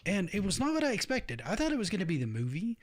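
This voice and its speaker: A middle-aged man hosts a relaxed podcast conversation in a fairly high voice that rises and falls a lot. He rambles, restarts sentences and laughs easily as he talks with friends. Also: fast talker. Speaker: podcast host. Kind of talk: casual chat.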